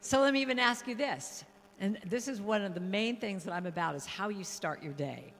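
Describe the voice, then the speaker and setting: A woman's voice: mid-range voice, brisk, slight background noise. Playful woman speaker in a reverberant hall. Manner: playful, animated, breaks into song. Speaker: guest speaker and musician. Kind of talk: lively spiritual talk with singing. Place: church hall.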